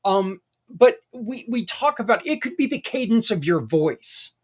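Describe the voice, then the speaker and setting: This podcast host is a middle-aged man whose husky voice sits high and swings widely in pitch. He keeps a measured pace through a relaxed, folksy ramble full of asides.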